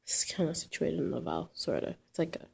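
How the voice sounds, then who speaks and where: A woman with a lowish, gravelly and husky voice tells a personal story in a loose, casual way. She rambles, with lots of fillers and restarts. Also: sing-song, a little fast, darkish tone.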